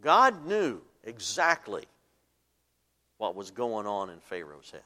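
Animated preacher in a reverberant hall. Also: male voice, on the low side, slow. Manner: animated, rising to loud emphasis and dropping to soft asides; asks the congregation fill-in questions. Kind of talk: sermon.

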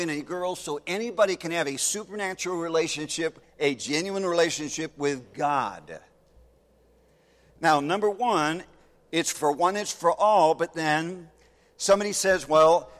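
A man's voice: on the high side, fairly bright tone, long reverb tail. A man preaching a sermon, reading scripture aloud and pressing his points with emphasis. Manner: emphatic, reads scripture aloud in King James wording.

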